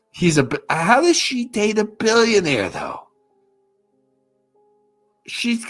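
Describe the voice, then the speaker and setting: A man with a fairly high voice hosts a live stream, talking in a loose, crude, rambling way and circling back over the same points. Faint music plays softly behind him. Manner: crude, rambling, repeats himself. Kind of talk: casual chat.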